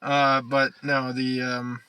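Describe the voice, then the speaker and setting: A man's voice: mid-range voice, monotone, slow, sharp tone, slight background noise, low-quality recording. A young man co-hosting a casual podcast, rambling and swearing, laughing often. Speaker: podcast co-host. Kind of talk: casual chat.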